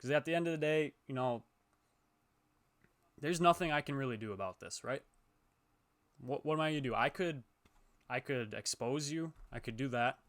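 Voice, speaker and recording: A young man, a gaming YouTuber, ranting heatedly and profanely to his viewers, swinging between loud outbursts and low muttering. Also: moderate pace, pauses often. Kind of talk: ranting to camera.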